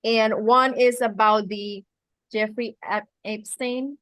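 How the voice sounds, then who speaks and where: Soft-spoken woman host, dry sound. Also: a little high, fairly even intonation, takes it slowly, dry recording. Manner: asks questions with soft hesitant fillers. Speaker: host interviewer. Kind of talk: casual video-call interview.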